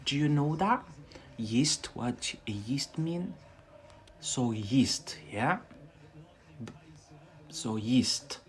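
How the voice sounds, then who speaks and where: Scottish male English teacher, livestream lesson, chatty, unhurried, repeats words for learners. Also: mid-range voice, animated. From Scotland.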